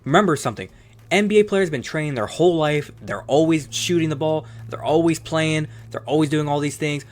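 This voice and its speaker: A man hosting a casual sports opinion video, arguing heatedly with plenty of profanity and quick self-corrections. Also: fairly high pitch. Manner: rapid-fire, self-correcting delivery. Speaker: sports commentary host.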